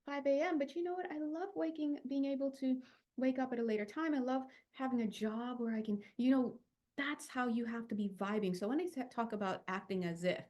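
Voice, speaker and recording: Young woman, spiritual teacher, chatty and animated, slightly high voice. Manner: animated, chatty, many fillers and restarts. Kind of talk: channeled spiritual talk.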